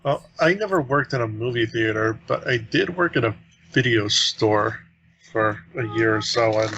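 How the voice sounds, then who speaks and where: A man's voice: mid-range voice, lively intonation, moderate pace, creaky, fairly bright tone, highs cut off, slight background noise. A young adult man co-hosting a podcast, telling rambling stories in casual chat and acting out the people in them. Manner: rambling anecdotes with acted-out quotes. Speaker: podcast co-host.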